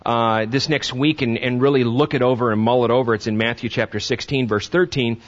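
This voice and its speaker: A man preaching a sermon to a congregation, earnest and halting, with many fillers, building to emphatic questions. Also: medium pitch, fairly even intonation, highs cut off. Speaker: pastor.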